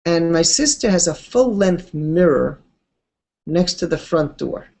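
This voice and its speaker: A woman giving a Torah class, telling stories in an unhurried, conversational way with expressive swings of pitch and casual asides. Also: creaky. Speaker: Torah teacher. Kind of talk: Torah class lecture with storytelling.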